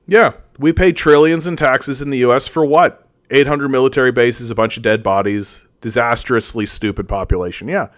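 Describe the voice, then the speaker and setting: A man's voice: mid-range voice, steady tone, moderate pace, few pauses, dry recording. A man from Canada giving an angry, profane political rant, often repeating words as he goes. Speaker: political commentator. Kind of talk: ranting political commentary.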